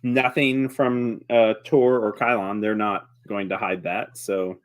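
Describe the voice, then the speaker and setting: Game master narrating, dry close sound. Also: male voice, on the low side, level tone, takes it slowly, dry recording. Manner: rambling, many fillers.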